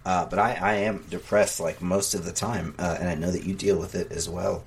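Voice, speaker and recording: A man's voice: deep voice, fairly even intonation, fairly quick, vocal fry. A man co-hosting a casual comedy podcast, rambling and self-deprecating, often repeating himself as he talks. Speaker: podcast co-host. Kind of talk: casual comedic sports chat. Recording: faint background noise.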